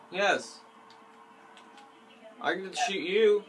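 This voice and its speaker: Playing a game with a friend, this host gives casual commentary in a fairly high voice at a moderate pace, pleading, teasing, and yelping excitedly. Background noise runs through the clip.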